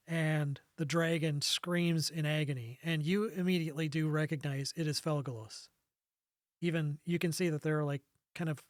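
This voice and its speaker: A man acting as game master, describing scenes and rules, thinking aloud with pauses and restarts. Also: a little high, no room sound, studio quality.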